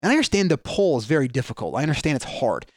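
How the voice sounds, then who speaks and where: A man with a mid-range voice speaks rapid-fire in a clean studio with no room sound, appearing as a guest on mindset in a casual podcast. He thinks out loud, plays the characters he quotes with lively storytelling, and keeps restarting his sentences.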